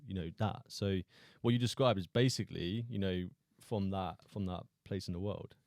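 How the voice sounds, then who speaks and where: A man's voice: low-pitched, moderate pace, creaky, darkish tone, dry recording, studio quality. A man co-hosting a casual podcast who rambles and restarts his sentences. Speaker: podcast co-host.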